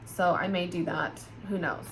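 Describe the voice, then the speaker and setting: A woman with a slightly low voice reviews candles in a relaxed vlog. She sounds tired and yawns now and then, but stays chatty and full of praise. There is faint background noise. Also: unhurried, vocal fry. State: tired, yawning. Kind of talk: casual product review vlog.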